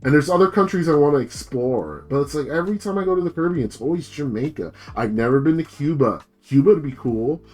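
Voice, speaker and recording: A man's voice: on the high side, lively intonation, fast, few pauses, a little mellow, soft background music. Rambling young man ranting casually. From United States. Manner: profane, rambling, lots of filler "like". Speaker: VTuber streamer.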